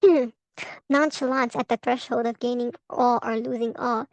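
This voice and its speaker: A woman's voice: fairly high pitch, fairly even intonation, moderate pace, a little mellow, no echo, poor audio. A woman vlogging about a tarot reading, profane and heated, laughing between rants. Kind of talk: casual ranting vlog.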